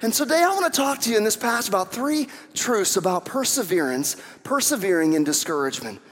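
A pastor preaches a sermon in a conversational, animated style, posing rhetorical questions to the congregation. His voice sits high and his pace is brisk, and the hall is reverberant.

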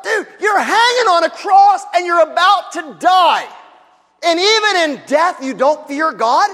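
A man voicing an exasperated condemned man who scolds another in incredulous shouts. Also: extremely high pitch, long reverb tail, pitched above the performer's own voice.

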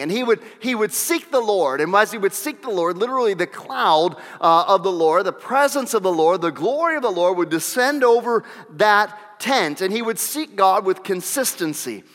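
A pastor with a high, bright voice preaches a sermon emphatically, using repeated phrases and rhetorical questions. The long reverb of a large hall surrounds him.

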